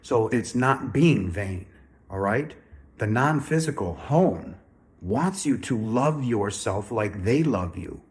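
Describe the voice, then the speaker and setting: A man talks straight to his viewers in an earnest, emphatic way. He repeats phrases and keeps calling out to "ladies and gentlemen." He says he is still a little sick. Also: fairly low pitch. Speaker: spiritual speaker. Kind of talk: earnest direct-to-camera talk.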